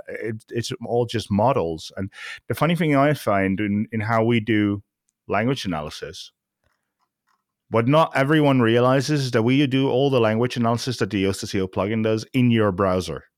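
A man's voice: mid-range voice, dry recording, studio quality. A man hosting a podcast, talking casually and thinking aloud, often restarting his sentences. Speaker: podcast host. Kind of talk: casual conversation.

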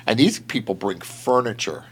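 His lowish, slightly rough voice moves at normal speed. The man is swapping stories casually about patrol work, rambling with lots of filler and staying animated, laughing while he talks.

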